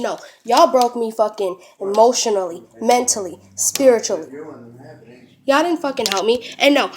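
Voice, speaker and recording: A young woman angrily confronting her in-laws, cursing and sarcastically quoting them. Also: on the high side. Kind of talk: angry confrontational rant to family.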